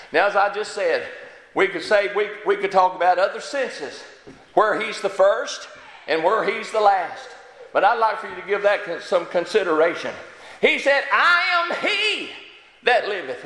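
Male preacher, high and bright, fervent sermon delivery full of amens, recorded in a reverberant church hall. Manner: fervent, punctuated with frequent amens and halting fillers. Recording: echoey hall with long reverb.

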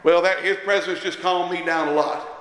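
A man preaching a sermon, impassioned and rising to shouts at times, recorded in an echoey church hall. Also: sits high, fairly even intonation, normal speed. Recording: echoey hall with long reverb.

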